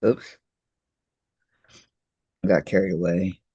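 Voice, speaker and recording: A man hosting a crafting video call, chatting casually and laughing often, with his voice going hoarse. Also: low-pitched, steady tone, takes it slowly, dry recording. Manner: chatty, laughs often, greets viewers warmly. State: losing his voice. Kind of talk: casual chat while crafting. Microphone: computer microphone on a video call. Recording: dull lo-fi video call audio.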